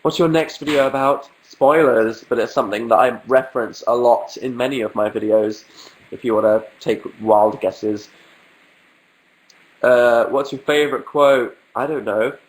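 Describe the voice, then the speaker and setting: A man's voice: medium pitch, normal speed, poor audio. A young man from England with a cold, sniffling as he hosts a casual livestream, answering viewer questions in a dry, self-mocking way.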